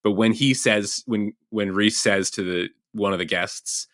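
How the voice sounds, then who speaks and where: A man's voice: on the low side, steady tone, a little slow, fairly bright tone, no room sound, studio quality. A man guesting on a podcast interview as a TV writer, chatty and self-interrupting as he tells stories.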